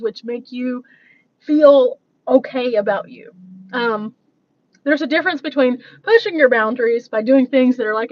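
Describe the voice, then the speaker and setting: A woman's voice: high voice, no room sound, highs cut off. A woman vlogger talking casually on a live stream, rambling and laughing often as she reads out viewer comments. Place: coffee shop.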